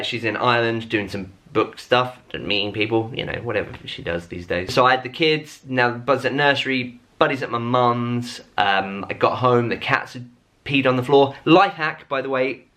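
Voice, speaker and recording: Guy in his 30s rambling at home to his camera, bright punchy voice, lots of ums. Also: medium pitch. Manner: rambling, self-mocking, chatty with many fillers. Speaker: vlogger. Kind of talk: casual chat to camera.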